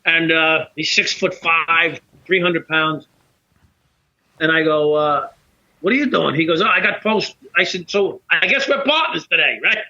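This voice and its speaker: A middle-aged man tells a story as a podcast guest, animated and profane, acting out both sides of the dialogue. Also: on the high side, unhurried. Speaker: podcast guest, former police officer. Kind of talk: casual storytelling in conversation. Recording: dull lo-fi podcast audio.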